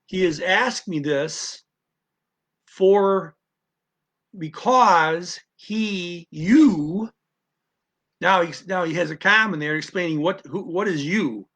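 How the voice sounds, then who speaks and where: A man teaching word by word in a casual lesson, halting and repeating sounds aloud with many fillers. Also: a little high, a bit bright. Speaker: language teacher.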